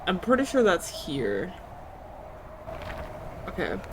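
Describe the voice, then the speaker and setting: A woman's voice: fairly low pitch, huge pitch swings, takes it slowly, background noise. Chatty, giggly woman streamer. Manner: chatty, giggly, thinking aloud. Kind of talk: casual gameplay commentary.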